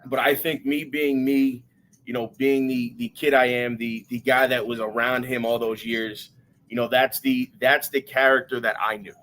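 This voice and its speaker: A man's voice: medium pitch, little pitch movement, normal speed, a bit bright. A man, a retired pro wrestler, talking casually as a guest and reflecting with lots of fillers. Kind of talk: casual interview chat.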